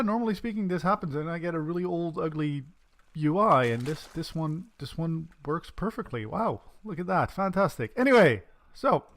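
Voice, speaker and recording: A man casting a strategy game solo from his home setup, chatty and rambling, with self-deprecating asides and excited bursts when the action picks up. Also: a little high. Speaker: game caster. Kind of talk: casual solo game commentary.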